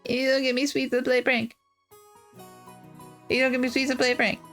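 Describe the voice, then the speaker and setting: A high, squeaky little-girl voice, petulant and sing-song, the kind a nine-year-old uses mid-tantrum, as a game streamer reading a visual novel puts her on. It bounces around in pitch and never lets go of a demand. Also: monotone, a little fast, a bit bright, soft background music. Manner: sing-song, stubborn, whiny.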